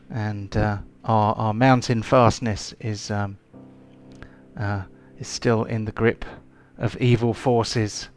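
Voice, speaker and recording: A man voicing a dwarf nobleman in hiding, speaking plainly with no accent and halting often. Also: mid-range voice, smooth, lightly acted. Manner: plain unaccented speech, halting with fillers. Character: dwarf nobleman in hiding, earnest, a hero's brother.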